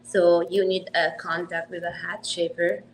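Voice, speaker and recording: A woman in her twenties with an Italian accent, speaking English as a second language in a casual interview, earnest and quick to laugh. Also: lowish voice, little pitch movement, a little hiss or hum, poor audio. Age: 20s. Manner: earnest, laughs easily, slight non-native phrasing. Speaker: hat company owner.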